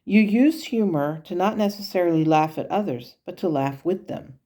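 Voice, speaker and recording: A woman voicing the wise, gently humorous words of a male angel guide in her own measured, teaching tone. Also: fairly low pitch, close to an everyday voice. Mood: gently instructive.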